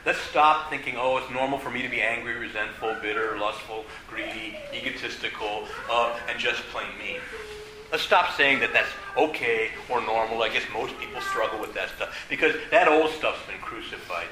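A man teaching an adult church class, halting with many "uh"s and repeated words, then speeding through his points. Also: lowish voice, noisy background. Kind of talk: adult faith class lecture. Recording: echoey room, faint ambience.

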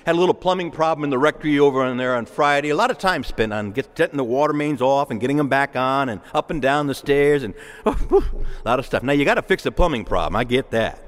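A man's voice: medium pitch, fast. A man preaching a sermon as a parish priest, conversational, with asides and repeated words. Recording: long church reverb.

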